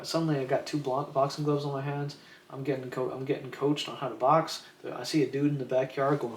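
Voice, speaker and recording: A man's voice: mid-range voice, fairly even intonation, fast. A young man casually telling a rambling story on a livestream, swearing freely and acting out what people said. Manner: rambling, laid-back, swears freely, acts out quotes. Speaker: streamer. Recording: echoey room with faint ambient noise.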